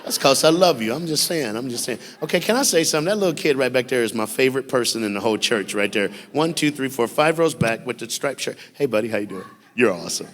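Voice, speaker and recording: Male youth speaker, lively sermon storyteller, jumps from loud to hushed, long church reverb. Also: mid-range voice, quick pace, hardly any pauses, slight background noise. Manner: animated storytelling with jokes, shifting from loud bursts to hushed.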